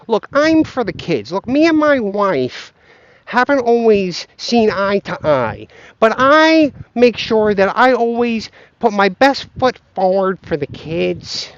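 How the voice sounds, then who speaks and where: A man doing an earnest, slow family man. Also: high-pitched, very animated, no echo, dull audio, voice pushed up, full character voice. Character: earnest middle-aged family man pledging he's for the kids.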